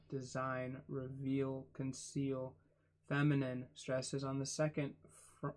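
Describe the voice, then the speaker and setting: A man reading a book aloud for his channel, spelling out words letter by letter and adding quiet asides. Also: mid-range voice. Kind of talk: casual read-aloud.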